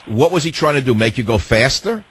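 A man's voice: medium pitch, lively intonation, a little fast, fairly bright tone, husky. A man hosting a call-in radio show, ranting his opinions indignantly between callers. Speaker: talk radio host. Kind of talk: call-in radio talk and monologue.

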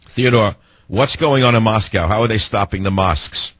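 A man's voice: on the low side, normal speed, fairly bright tone, slightly rough, no room sound. An older man hosting a radio talk show in a studio, speaking in an emphatic, declamatory way. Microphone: studio microphone.

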